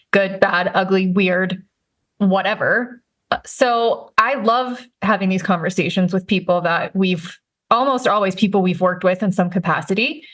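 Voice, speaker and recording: A woman's voice: mid-range voice, a bit bright. Chatty thirty-something woman hosting a podcast. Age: 30s. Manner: rambling, upbeat, laughs often. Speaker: podcast host and life and career coach. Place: recording remotely, not in the same room as her co-host.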